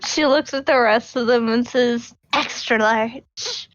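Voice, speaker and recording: A woman playing a tabletop game, describing her character with a dry, deadpan manner. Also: on the high side, moderate pace, no room sound, lo-fi sound. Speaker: player.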